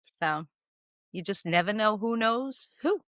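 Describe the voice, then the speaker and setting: A woman co-host tells stories slowly in a mid-range voice, chatting casually on a podcast and acting out quoted voices with animation. The audio is studio quality with no echo.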